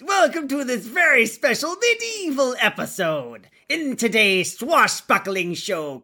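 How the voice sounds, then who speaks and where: A man putting on an exaggerated pirate voice, a hammy male pirate captain announcing in a slow, theatrical drawl. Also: extremely high pitch, bright, forceful tone, voice pushed up, exaggerated voice.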